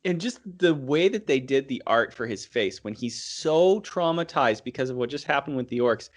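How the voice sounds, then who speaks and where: A man's voice: mid-range voice, lively intonation, moderate pace. A man co-hosting a casual anime podcast, chiming in with agreeable comments and frequent chuckles. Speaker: podcast co-host.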